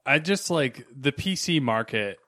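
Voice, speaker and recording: A man's voice: medium pitch, lively intonation, measured pace, fairly bright tone. A young man co-hosting a casual gaming podcast, chatty and easygoing, with hesitant fillers. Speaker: podcast co-host. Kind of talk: casual gaming news chat.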